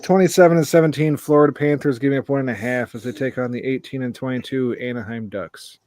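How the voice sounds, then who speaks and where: A woman's voice: extremely low pitch, mellow, no room sound, studio quality. A woman hosting a casual sports betting podcast, reading out odds and listener picks. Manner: casual, brisk, reads out odds and listener chat. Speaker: podcast host.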